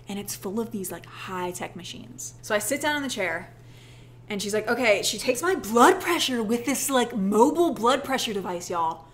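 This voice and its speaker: A woman's voice: fairly high pitch, lively intonation, moderate pace, a little hiss or hum. A young woman telling a rambling, self-deprecating story in a casual vlog, acting out the people she quotes. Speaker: vlogger.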